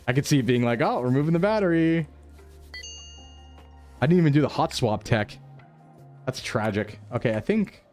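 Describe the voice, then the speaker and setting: A man streaming a repair simulator, chatting casually and thinking aloud with excitable bursts. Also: medium pitch. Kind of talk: casual game commentary.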